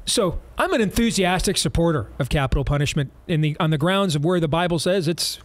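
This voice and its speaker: Talk-show host, male, high voice, emphatic and sarcastic. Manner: emphatic, rapid-fire, sarcastic riffs.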